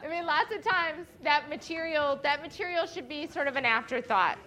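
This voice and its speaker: A woman's voice: high-pitched, normal speed, sharp tone. A woman, chatting casually and animatedly to a church group, with fillers and laughs.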